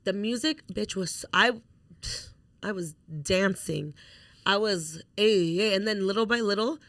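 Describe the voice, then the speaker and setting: A woman's voice: medium pitch, a little slow, dry recording. Chatty young woman telling a story. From Mexican heritage. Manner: animated, swears freely, acts out quoted voices. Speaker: podcast co-host. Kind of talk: casual storytelling chat.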